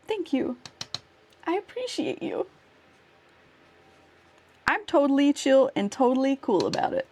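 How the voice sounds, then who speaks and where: Woman streamer, casual crafting chat, lively swinging pitch, easy slow delivery. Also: a little hiss or hum. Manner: giggly, thanks viewers warmly, talks to herself while working.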